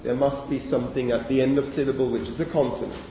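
A man's voice: mid-range voice, flat delivery, quick pace, mellow, a little hiss or hum. A man giving a university lecture on phonology, speaking conversationally, putting questions to the class and checking in with "okay?". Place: lecture hall. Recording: echoey lecture hall, mic at a distance.

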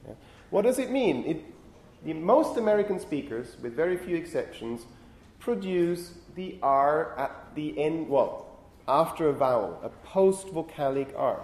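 A man lecturing university students on phonetics, lively and often putting questions to the class. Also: on the high side, a little slow. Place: lecture hall. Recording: echoey lecture hall.

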